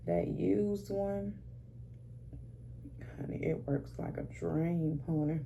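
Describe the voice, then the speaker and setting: Casting note: sassy woman in her thirties, low gravelly voice, dark mellow tone, casual makeup vlog with a faint hiss behind. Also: slow. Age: 30s. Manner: chatty, sassy, says "honey" a lot. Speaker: beauty vlogger.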